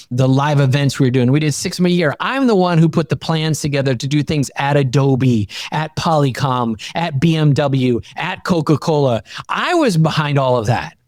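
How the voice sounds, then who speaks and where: A middle-aged man, a podcast guest and coach, telling personal stories in an emphatic, animated way that climbs high in pitch when he gets fired up. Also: dry recording, clean studio sound. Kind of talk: animated personal storytelling in conversation.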